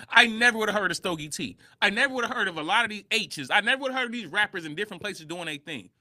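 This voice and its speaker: Man co-host, bright high insistent voice, very animated. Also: very fast, no echo, studio quality. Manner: emphatic, insistent, repeats "bro". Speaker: podcast co-host. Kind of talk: heated livestream reaction talk.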